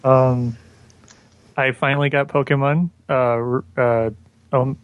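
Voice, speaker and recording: A man's voice: mid-range voice, level tone, slow, lo-fi sound. A man on an online call chatting casually, stumbling and fumbling for words. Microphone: computer mic on a voice call.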